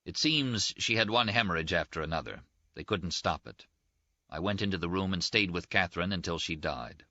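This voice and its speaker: A male audiobook narrator with a very low yet bright, forceful voice, reading a novel in a steady, measured way. The recording is dry, close and a little dull. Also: no echo. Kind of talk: scripted literary narration.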